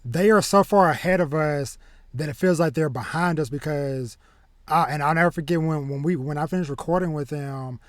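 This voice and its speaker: A man hosting a podcast, chatting casually in a halting way, with restarts and easy laughs. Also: fairly high pitch, no room sound, clean studio sound. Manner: halting, many restarts and fillers, laughs easily. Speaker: podcast host.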